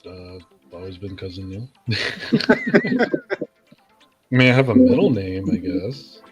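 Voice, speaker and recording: A man's voice: sits low, unhurried, darkish tone, dull audio. A young man chats casually as a podcast co-host. He laughs often and keeps prodding the others with playful questions. Faint music plays behind him. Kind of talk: casual chat.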